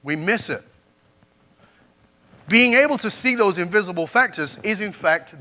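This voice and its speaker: A man speaks at a conference in a bright, forceful voice pitched a little high. He tells stories and keeps checking in with the audience. His talk has the steady drive of a motivational keynote. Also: a little slow, pauses often. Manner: storytelling, asks the audience questions. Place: conference stage before a live audience.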